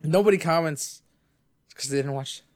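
A playful man co-hosting a relaxed podcast, talking easily with his partner and addressing listeners directly. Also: moderate pace. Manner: playful, jumps up in pitch for announcements. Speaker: podcast co-host. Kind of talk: casual banter.

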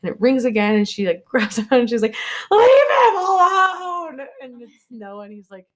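A young woman co-hosting a podcast recaps a movie in casual chat, her medium-pitched, slightly mellow voice steady and fairly quick. She rambles through the story with heavy filler, saying "like" constantly.

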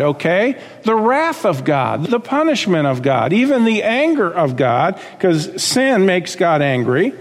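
A man's voice: sits high, long reverb tail. A man preaching a sermon, emphatic and repetitive, often checking in with the listeners. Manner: emphatic, repeats key phrases, checks in with "okay?".

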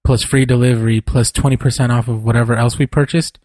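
A man's voice: mid-range voice, level tone, quick pace, a little mellow, no echo. A man co-hosting a podcast, chatting casually and swearing, often agreeing with his friend. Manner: laid-back, swearing, frequent backchannel agreement. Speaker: podcast co-host. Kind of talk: casual chat.

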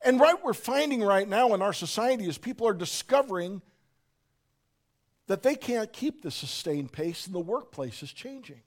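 A man preaching a sermon, dropping to a near hush and then rising to shouts. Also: sits high, expressive, normal speed. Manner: swings from soft hush to shouting. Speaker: pastor.

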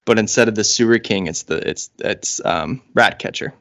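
A man's voice: on the low side, normal speed, sharp tone. A man co-hosting a podcast, chatting casually in a wry, rambling way with frequent fillers. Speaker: podcast co-host.

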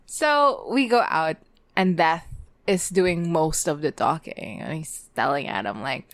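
A woman's voice: deep voice, lively intonation, unhurried. A woman co-hosting a podcast, animatedly retelling a TV episode in casual chat, acting out quotes and laughing along the way. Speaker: podcast co-host.

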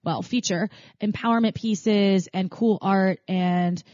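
A woman co-hosting a podcast in casual chat, chatty and quick to laugh, with many fillers. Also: mid-range voice, steady tone, darkish tone, no echo, dull audio. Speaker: podcast co-host.

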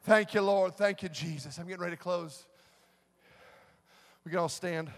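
High-voiced man preaching in a reverberant church. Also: normal speed. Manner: swings from shouted preaching to soft talk. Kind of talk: sermon. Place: large church hall. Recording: live church sound with long reverb and music behind.

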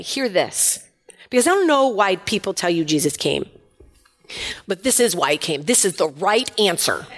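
A woman preaching a sermon, animated and casual with slangy asides, dropping to soft intimate tones for emphasis. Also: medium pitch. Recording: long hall reverb.

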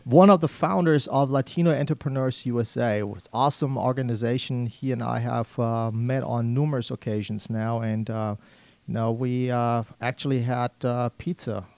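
A friendly male radio host with a German accent welcomes guests in a casual studio chat. His voice is mid-pitched and upbeat. The room sound is dry and close. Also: steady tone, normal speed, vocal fry, a little mellow, no echo. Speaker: radio talk show host.

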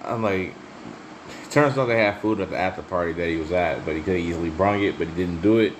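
A solo podcaster with a low voice talks fast, slight noise in the background, as he reels off casual, profane anecdotes. Laughter comes often, the swearing flows freely, and his storytelling is chatty and animated.

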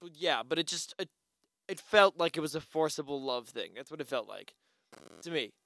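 A man's voice: a little high, expressive, normal speed, sharp tone, no room sound. A man chatting casually about a movie, blunt and swearing when something annoys him. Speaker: movie reviewer. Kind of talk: casual chat.

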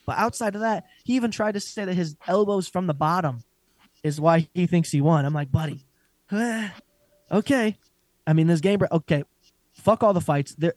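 A young man in casual podcast banter, cursing and laughing his way through fight talk. His voice sits a little high and sounds close and dry, with no room around it. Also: no room sound. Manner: profane, animated, laughs often. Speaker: podcast co-host. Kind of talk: casual chat.

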